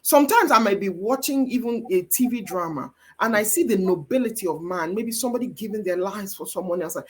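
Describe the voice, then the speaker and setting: A woman's voice: medium pitch, lively intonation, brisk, a little mellow. A woman with a Nigerian accent giving a faith-based marriage teaching as guest mentor, with an emphatic, preacher-like delivery.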